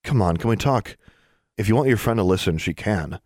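A man's voice: lowish voice, animated, darkish tone, no room sound, studio quality. A man voicing a flustered teenage schoolboy who pleads and apologizes in a hurry. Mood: coaxing. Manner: pleading, hurried.

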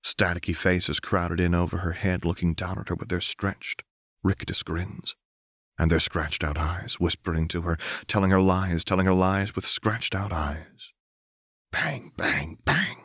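A man narrating fan fiction as an audiobook in a slow, measured, dramatic reading. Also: sits low, level tone, no room sound, studio quality.

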